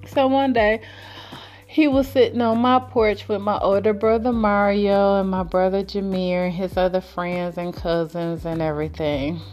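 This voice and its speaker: A woman casually telling a personal story in her own series, chatty and colloquial, breaking into high giggles. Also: a little mellow. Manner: laughs often, with high giggles while telling stories; chatty and colloquial, with many fillers.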